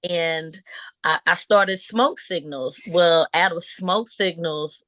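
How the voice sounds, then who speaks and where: A middle-aged woman from Buffalo, New York, talks about her business in a relaxed interview and often slips into acting out the people in her story. Her voice sits a bit low, and she keeps restarting with "um" and laughs as she goes. The sound is dry and close, with no room echo. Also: slow pace. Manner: animated storyteller, acts out quotes, laughs often; frequent um fillers and restarts. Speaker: guest business owner.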